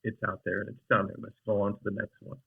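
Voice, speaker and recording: A male actor guest telling stories in a casual interview, rambling and animated, with frequent restarts. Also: fairly low pitch, fast talker, vocal fry, breathy edge, narrow, tinny audio.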